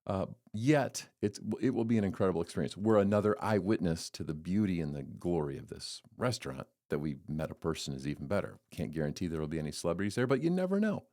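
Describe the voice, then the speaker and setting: Deep voiced guy doing a casual devotional, earnest, tells stories. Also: fast, few pauses. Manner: earnest, storytelling, lively swings in pitch. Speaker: podcast host giving a devotional.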